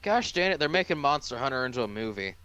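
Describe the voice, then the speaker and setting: A man's voice: mid-range voice, very animated, quick pace, sharp tone, smooth. A young man running a tabletop game as dungeon master, talking casually through the turn order with his players.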